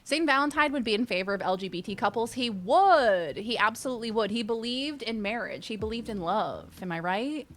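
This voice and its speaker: A young woman streamer chatting casually, reading and answering her chat with sudden squeals of excitement. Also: on the high side, fairly quick, hardly any pauses.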